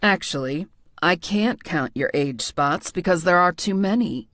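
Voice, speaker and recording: A woman narrator voicing a blunt, bossy man with a theatrical, cutting way of talking, a bit lower than her own voice. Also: lively intonation, unhurried, a bit bright, no room sound, studio quality. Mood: sassy, blunt. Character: blunt, sassy man, bossy fashion critic.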